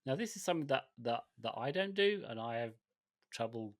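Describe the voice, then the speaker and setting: A man's voice: mid-range voice, animated, brisk, dry recording, studio quality. A man co-hosting a podcast in casual chat, rambling and hesitant, with frequent restarts and fillers. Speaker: podcast co-host.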